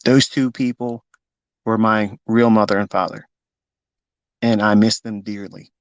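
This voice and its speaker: A man's voice: lowish voice, steady tone, a little slow, clean tone, dry recording. A fifty-year-old man, a trading mentor, speaking off the cuff in a live audio talk, emotional and blunt and swearing freely. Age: 50s.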